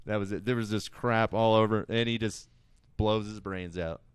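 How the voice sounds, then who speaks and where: Podcast host, male, low smooth voice, rambling and jokey, dry close sound. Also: steady tone, normal speed, no echo. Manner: rambling, laughs at his own stories. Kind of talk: casual podcast chat.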